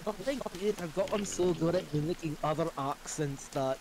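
A speaker with a Scottish accent chats in an easygoing mid-range voice, laughing at themself. Clear background noise runs under the whole voice. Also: mid-range voice, moderate pace, a little mellow. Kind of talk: casual chat on a gaming stream.

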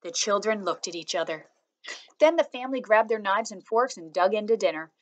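A woman's voice: mid-range voice, animated, brisk. Woman reading a children's novel aloud. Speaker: reader.

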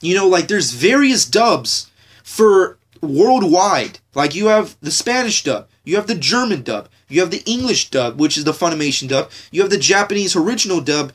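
Young american guy ranting on his podcast, swears a ton, lots of like and restarts, voice on the higher side. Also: big pitch swings, moderate pace, breathy edge. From United States. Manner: profane, repetitive, frequent fillers and restarts. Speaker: podcast host. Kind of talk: casual ranting monologue.

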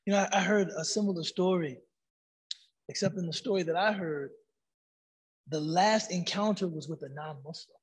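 A man with a high, slightly husky voice talks as a podcast guest. He is relaxed and conversational, drops in Arabic phrases, and often affirms what the host says. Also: moderate pace, long pauses.

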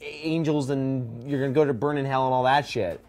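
This man talks at a quick clip as he pitches an idea to his friends in a relaxed show chat. He piles on fillers and restarts, and his voice sits at an ordinary middle pitch. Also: vocal fry. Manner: rambling, full of "like" and restarts. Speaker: show host. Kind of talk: casual chat.

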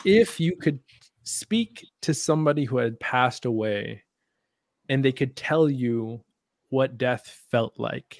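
Man, podcast co-host, casual chat, hesitant, swears, mid-pitched, dry close sound. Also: slow pace, no room sound. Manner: hesitant, thinks aloud, loose and profane. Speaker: podcast co-host posing the question.

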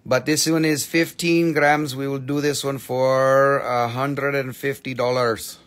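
A man's voice: medium pitch, flat delivery, measured pace, a bit bright. A man selling stones on a live shop stream, in joking patter with playful broken English. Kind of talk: live sales pitch.

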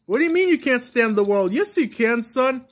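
A man's voice: very high-pitched, expressive, normal speed. A man voicing a preachy father who lectures his son and keeps calling him "son.". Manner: repeats "son" constantly, lecturing.

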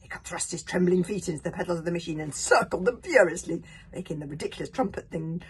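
A woman reading a children's book aloud, expressive, sinking to whispers and adding casual asides. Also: on the low side, fast, slight background noise. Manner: expressive, drops to whispers, laughs at slips and adds asides. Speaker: reader.

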